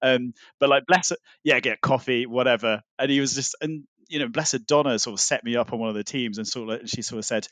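A man's voice: medium pitch, animated, brisk, fairly bright tone, no room sound. Man, guest, rambling chatty storyteller, dry room. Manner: rambling storyteller, many fillers. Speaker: podcast guest. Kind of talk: casual chat.

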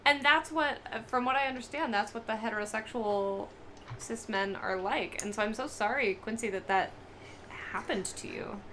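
A woman's voice: on the high side, moderate pace, fairly bright tone, slight background noise. A woman co-hosting a casual podcast, telling earnest, rambling anecdotes. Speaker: podcast co-host. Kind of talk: casual chat.

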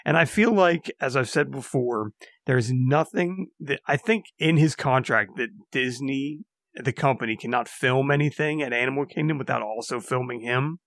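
Gravelly man rambling in casual chat. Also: medium pitch, moderate pace, a bit bright, no echo. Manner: rambling, many "like" fillers. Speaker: podcast co-host.

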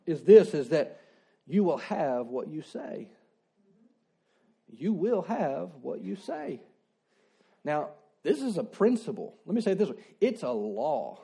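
A man's voice: a little high, sing-song, a little slow, warm tone, husky. A man preaching a sermon in a conversational way, asking rhetorical questions and repeating his key declarations. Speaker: pastor.

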